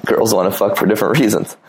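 A man's voice: lowish voice, a little hiss or hum, poor audio. A man giving casual dating advice, blunt and profane, acting out little dialogues.

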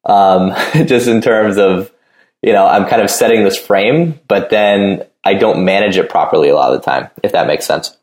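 A man's voice: lowish voice, moderate pace, darkish tone. Rambling man in a roomy space. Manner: rambling, loose, full of fillers like "you know". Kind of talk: casual chat.

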